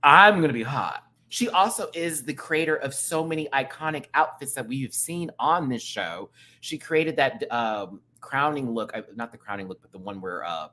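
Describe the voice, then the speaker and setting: Man reviewer, lively bright voice, loud highs and quick murmured asides, slangy rant. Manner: animated, swings from loud outbursts to low asides; playful drag slang, profanity. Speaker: show reviewer. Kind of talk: excited casual review rant.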